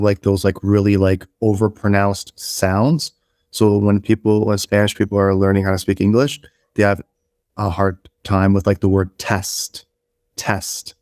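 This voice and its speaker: A man's voice: on the low side, a little mellow, smooth, no echo. Chatty man on a dry podcast mic. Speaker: podcast co-host. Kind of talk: casual podcast chat.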